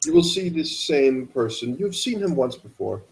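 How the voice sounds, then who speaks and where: Man running a tabletop game, mid-pitched, descriptive, hesitant fillers. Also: sing-song, moderate pace, vocal fry, poor audio. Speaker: game master. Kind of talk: narrating a tabletop role-playing game.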